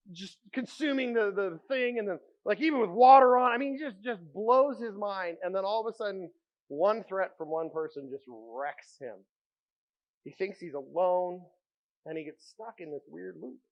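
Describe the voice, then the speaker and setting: A man preaching a sermon as pastor, telling stories with animated energy and dropping to a hush for quiet moments. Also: high-pitched, highs cut off. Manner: animated storytelling, drops to a hushed voice for quiet moments.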